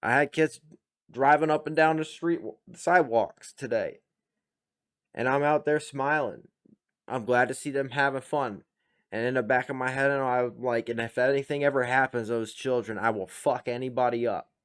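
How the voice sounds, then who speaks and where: A man's voice: medium pitch, fairly even intonation, normal speed, a bit bright, clean tone. A man hosting a reaction video, talking bluntly and with lots of profanity in casual commentary.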